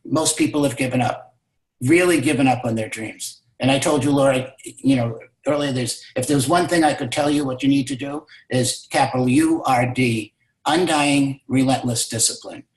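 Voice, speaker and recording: A man's voice: mid-range voice, moderate pace. A man speaking as a business mentor, telling a motivational story emphatically and repeating key words for stress. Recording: roomy echo.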